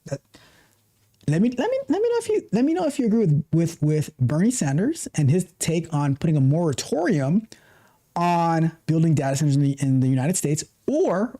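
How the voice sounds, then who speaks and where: Middle-aged guy ranting on his tech stream, all fired up, voice jumps around a lot, kinda mellow sound. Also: high voice. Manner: passionate, ranting, self-interrupting. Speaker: tech coach and livestream host. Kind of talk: casual livestream chat.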